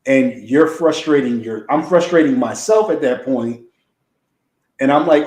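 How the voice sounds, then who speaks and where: A man's voice: mid-range voice, animated, a little slow, darkish tone. A man in casual conversation, talking reflectively and colloquially about his marriage and how he holds back his feelings. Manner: reflective, colloquial, thinks aloud. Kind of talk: casual chat. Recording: roomy echo.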